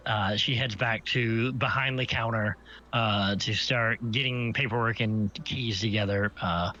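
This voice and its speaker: A man's voice: fairly low pitch, fairly even intonation, a little slow, bright, forceful tone, a little hiss or hum. A man narrating a tabletop game as game master, describing scenes in detail and often correcting himself mid-sentence. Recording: slightly muffled stream audio, faint music.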